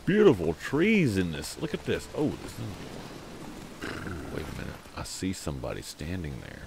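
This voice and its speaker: Very deep gravelly male streamer. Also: huge pitch swings, background noise. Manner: rambling, halting, thankful. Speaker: game streamer. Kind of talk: casual live-stream chat.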